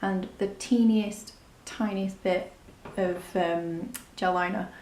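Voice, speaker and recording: A woman's voice: medium pitch, steady tone, slow, a little mellow, roomy sound, slight background noise. A woman talking through a makeup tutorial in a chatty, rambling, self-deprecating way. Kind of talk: casual step-by-step tutorial narration.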